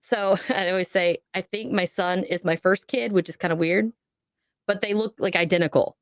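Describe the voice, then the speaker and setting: A woman's voice: fairly low pitch, steady tone, moderate pace, no room sound, studio quality. A woman on a podcast telling a personal ghost story, acting out the voices she quotes. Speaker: podcast guest.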